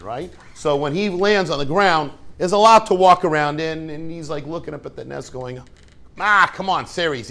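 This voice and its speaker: Man, rabbi, informal lesson, joking, asks the class questions, somewhat high voice. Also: a bit bright. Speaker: rabbi teaching students.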